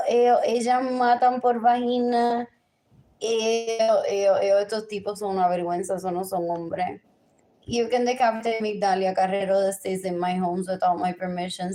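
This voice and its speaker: A woman's voice: mid-range voice, warm tone. A woman, ranting agitatedly on a live stream, repeating herself in chanted lists and switching languages mid-sentence. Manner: switches between English and Spanish mid-sentence. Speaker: livestreamer. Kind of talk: unscripted live stream rant.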